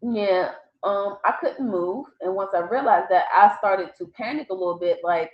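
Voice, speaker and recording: A woman's voice: medium pitch, moderate pace. A woman vlogger casually telling a personal story to camera, swearing freely and breaking into laughter. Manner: profane, animated retelling with bursts of laughter. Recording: echoey room, slightly dull sound.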